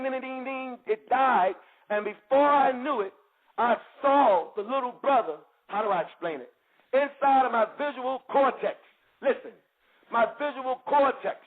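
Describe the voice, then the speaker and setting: A man giving a rambling spoken testimony in an animated storytelling way, laughing often and repeating phrases. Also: sits high. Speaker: spiritual group member giving testimony. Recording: tinny phone-line audio.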